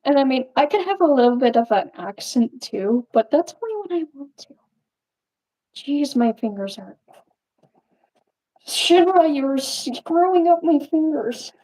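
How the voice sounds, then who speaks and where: High-voiced, slow-talking young woman streamer. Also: sing-song, dark tone, poor audio. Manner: rambling, chatty, laughs often. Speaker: puppeteer live streamer. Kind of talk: casual live-stream Q&A.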